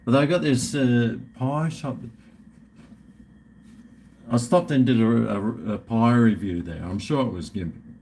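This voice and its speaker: A man's voice: medium pitch, a little slow, long pauses, a little mellow, slight background noise. A middle-aged Australian man hosting a live stream, rambling and swearing in casual banter with his viewers.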